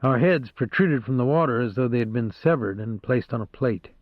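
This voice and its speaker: A man narrating a first-person crime novel in a steady, measured way. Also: medium pitch, no room sound. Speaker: audiobook narrator. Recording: dry, narrow phone-like sound.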